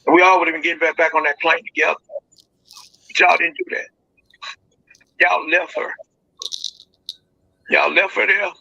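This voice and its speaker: Gravelly, intensely bright middle-aged man. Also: a little high, steady tone, moderate pace, pauses often, dry recording. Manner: firm, blunt, emphatic. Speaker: guest, a grieving father. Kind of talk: live online interview. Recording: dull lo-fi line.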